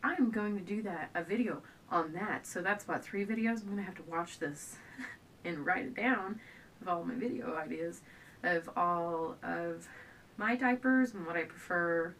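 A young pregnant woman talks casually to her camera at home, drifting from thought to thought and often short of breath. She sits a little back from the mic, with a faint low rumble behind her voice. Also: normal speed, fairly bright tone, far from the mic, rough recording. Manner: rambling, chatty, trails off and restarts often. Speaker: stay-at-home mom vlogger. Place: at home indoors.

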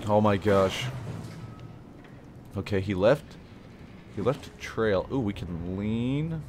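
A man's voice: on the low side, animated, slow, pauses often, darkish tone, a little hiss or hum. A man doing gameplay commentary on a horror game, joking to himself and blurting startled exclamations. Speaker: let's play host. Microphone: desk mic with face cam.

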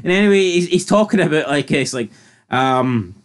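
A man's voice: a little high, animated, normal speed. A man co-hosting a TV review in casual chat, hedging and rambling as he talks and swearing freely. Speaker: podcast co-host reviewing a TV episode.

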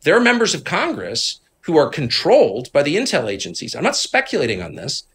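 Animated man with a husky, bright voice. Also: brisk. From Washington, D.C. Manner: animated storyteller, swings between low asides and emphatic outbursts. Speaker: guest. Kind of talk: candid conversation.

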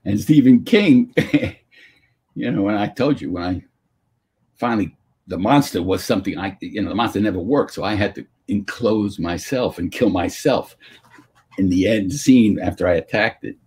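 An older man telling stories from his acting career as a guest in a video-call Q&A, in an animated, anecdotal way. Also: lowish voice, moderate pace, slightly rough. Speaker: guest actor.

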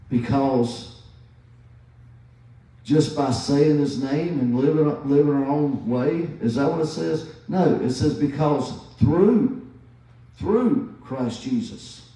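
A man in his fifties preaching a sermon as pastor, slowly and emphatically, repeating key phrases. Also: medium pitch, mellow. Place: church sanctuary. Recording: very echoey church from a distance.

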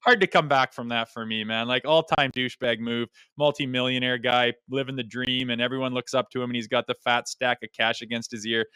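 A man's voice: mid-range voice, steady tone, fairly quick, few pauses, bright, forceful tone, clean tone, no echo, studio quality. A man co-hosting a casual sports podcast, talking in a blunt, opinionated way and swearing freely. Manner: self-described ornery. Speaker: podcast co-host.

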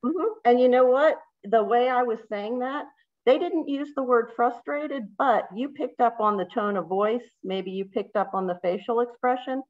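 A woman's voice: fairly high pitch, moderate pace, highs cut off. A woman facilitating an online workshop, upbeat and chatty, asking the group questions. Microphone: video call.

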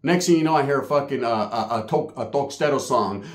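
A man's voice: medium pitch, animated, brisk. A man telling a comedic, profane story, acting out voices as he goes. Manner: profane, streetwise, acts out voices. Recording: echoey room.

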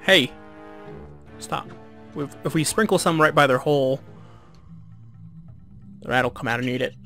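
A man giving relaxed, chatty, self-deprecating commentary while playing a video game. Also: fairly high pitch, moderate pace, long pauses, faint music behind. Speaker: let's play host. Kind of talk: casual gameplay commentary.

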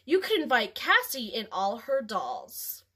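A woman's voice: a little high, wildly swooping pitch, measured pace, bright, forceful tone, husky, full character voice. A woman reading a bossy but kind young girl.

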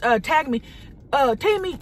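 A woman's voice: high-pitched, lively intonation, a little fast. A woman playing a brash, hot-tempered woman, who rambles profanely and dramatically in a comedic monologue from a parked car. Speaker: vlogger.

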